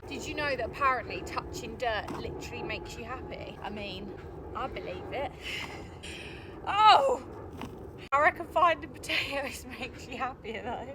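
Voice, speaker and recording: A woman with a high, wildly swooping voice chats unhurriedly in a casual garden vlog. She is excitable, gasping and exclaiming as she goes, and she is recorded outdoors in her garden with faint noise behind her. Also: normal speed. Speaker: gardening vlogger.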